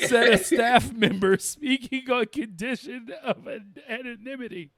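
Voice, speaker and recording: A man's voice: extremely high pitch, unhurried, hardly any pauses, a bit bright, no room sound. A man co-hosting a casual podcast, swearing freely and cracking up with laughter as he reads a quote aloud. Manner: keeps breaking into helpless laughter while reading. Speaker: podcast co-host.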